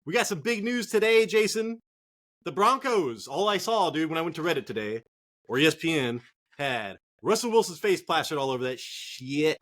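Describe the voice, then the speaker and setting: His pitch sits on the high side, with a fairly bright, animated delivery at a normal speed. He's a Northern Californian co-hosting fantasy football from a cold garage, joking around, rambling, and cursing freely.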